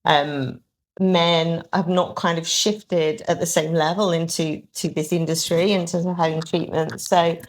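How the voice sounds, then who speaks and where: A woman with a slightly low voice speaks as a guest on a conversation podcast. She weighs her words, pausing on ums and restarting phrases. Now and then she drops a dry, sarcastic aside. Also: steady tone. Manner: thoughtful, hedging with frequent ums and restarts. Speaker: aesthetics practitioner guest.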